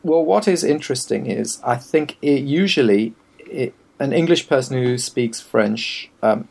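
A man's voice: mid-range voice, lively intonation, measured pace, vocal fry, a little mellow, slightly rough. A man in casual conversation, giving wry, opinionated and meandering explanations. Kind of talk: casual chat.

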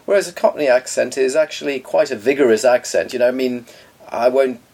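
Man, podcast co-host; gravelly, fussy about diction, opinionated. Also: medium pitch, a little fast, darkish tone. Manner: pedantic, opinionated, articulate. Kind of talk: casual chat.

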